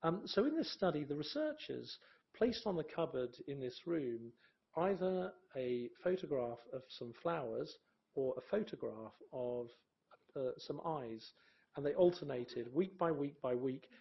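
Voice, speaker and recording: A man's voice: fairly high pitch, vocal fry, muffled recording. A man giving a presentation talk in a conversational way, with fillers and restarts.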